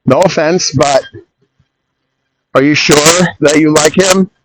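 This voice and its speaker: A man's voice: a little high, background noise. Rambling, opinionated man podcasting. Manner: opinionated, self-interrupting, quick tangents. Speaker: podcast host. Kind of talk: casual rambling monologue.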